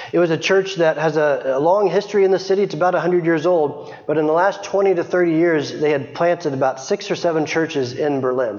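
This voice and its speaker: A middle-aged man, a missionary, speaks casually to a church, full of restarts and little laughs, in a voice slightly high for a man. The audio is dull, with long reverb from a large hall.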